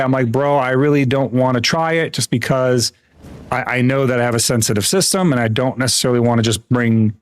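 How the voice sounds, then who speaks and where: A man from the United States chatting casually on a gaming livestream, a rambling, profane storyteller who restarts his sentences and often jumps up in pitch. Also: no room sound. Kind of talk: casual live-stream chat while gaming.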